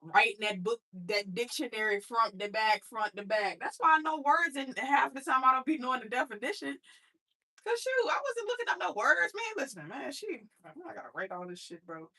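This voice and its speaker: Candid motivational speaker, female, a mother; husky edge, somewhat high voice, streetwise and direct. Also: expressive, moderate pace, pushed and bright. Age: adult mother. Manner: blunt, streetwise, addresses listeners as y'all. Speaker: speaker sharing her life story. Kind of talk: motivational personal talk.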